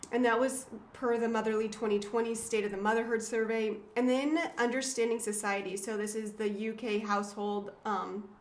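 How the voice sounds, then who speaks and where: A woman in her thirties, the author and host, talking casually and reading passages from her own book in an earnest, emotional way with frequent fillers and restarts. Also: on the high side. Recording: roomy echo, faint background noise.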